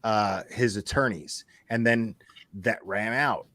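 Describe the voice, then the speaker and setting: A man's voice: on the low side, slow pace, fairly bright tone, dry recording. A man hosting a casual chat, venting heatedly and swearing often, repeating himself as he talks. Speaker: YouTube channel host.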